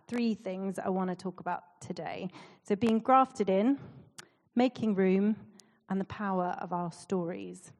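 A woman's voice: mid-range voice, gravelly, darkish tone. A woman in her forties from Canada, a church leader giving a casual, self-deprecating sermon with frequent ums and small laughs. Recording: reverberant hall.

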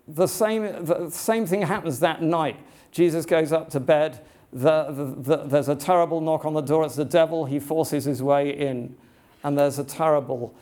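Male preacher, sermon storytelling, earnest, halting, slightly high voice. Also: darkish tone. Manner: earnest, halting, many restarts.

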